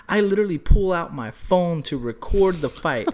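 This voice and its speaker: A man's voice: high voice, animated, quick pace, hardly any pauses. A young man co-hosting a podcast, telling loose stories full of swearing. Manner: loose storytelling, heavy swearing, shouts when acting out quotes. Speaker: podcast co-host. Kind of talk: casual podcast chat.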